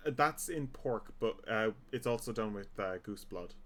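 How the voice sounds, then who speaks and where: An Irish man streaming a game, talking in a rambling, halting way with many fillers and restarts. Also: fairly low pitch, animated. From Ireland. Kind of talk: casual chat while gaming. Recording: loud background noise.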